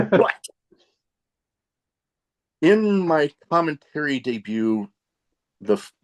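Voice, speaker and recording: Podcast host: animated, chuckling storyteller with a lot of swing in his voice. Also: a little high, extremely slow. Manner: animated storyteller, laughs at his own jokes. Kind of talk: casual podcast chat.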